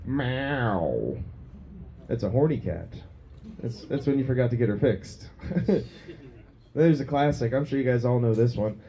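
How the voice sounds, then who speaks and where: A man's voice: medium pitch, normal speed, mellow, highs cut off. A man doing a crude, self-mocking stand-up set on a small pub stage, laughing at his own jokes. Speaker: stand-up comedian.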